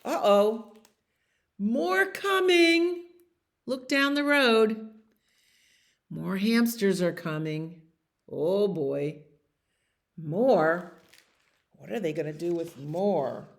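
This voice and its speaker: A woman librarian reading a bedtime story aloud to children, gentle and expressive, with chatty asides. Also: lowish voice, slow, vocal fry, long pauses.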